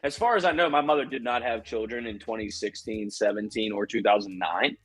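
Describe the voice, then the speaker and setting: Animated, husky podcast guy in his 30s. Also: fairly low pitch, fairly quick. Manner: animated, profane, laughs a lot. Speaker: podcast co-host. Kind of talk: casual chat.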